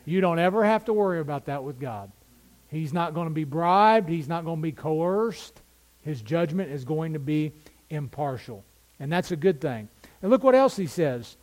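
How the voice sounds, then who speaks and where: High-voiced pastor preaching. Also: male voice, expressive, moderate pace, a little mellow. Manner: teaching, asks the congregation questions. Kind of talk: sermon.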